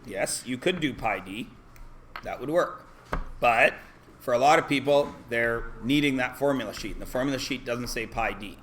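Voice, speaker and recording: A man's voice: mid-range voice, normal speed, a bit bright, slight background noise. A man teaching a math class, asking the students questions and often answering them himself. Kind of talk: classroom lesson.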